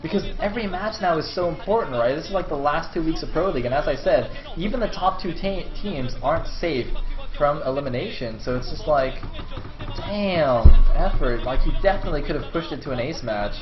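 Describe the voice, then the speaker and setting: Excitable high-voiced male game caster. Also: brisk, music in the background. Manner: excitable, swears freely, erupts into laughing shouts. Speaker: esports caster. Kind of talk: live game commentary. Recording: echoey room, dull lo-fi sound.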